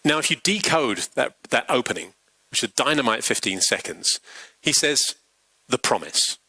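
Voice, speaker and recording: A man giving a pitch coaching workshop, animated and acting out example quotes. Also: moderate pace, husky, no room sound, poor audio. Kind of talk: workshop talk. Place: large workshop venue.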